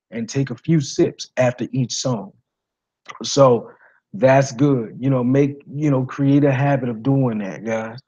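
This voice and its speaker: Raspy man giving rambling singing tips. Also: medium pitch, warm tone, dull audio. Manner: rambling, repeats himself, says "you know" and "guys" often. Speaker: singing coach. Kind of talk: casual vlog lesson to viewers.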